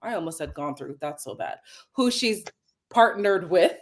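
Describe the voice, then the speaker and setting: Opinionated woman guest, animated chat. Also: fairly low pitch, normal speed, a little hiss or hum. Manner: opinionated, animated, acts out quotes. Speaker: podcast guest. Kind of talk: casual reality-TV recap chat.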